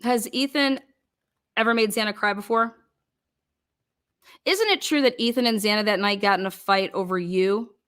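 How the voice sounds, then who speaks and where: A woman's voice: mid-range voice, fairly bright tone. A woman commentator acting out a cross-examination, firing pointed questions one after another. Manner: rapid-fire pointed questioning.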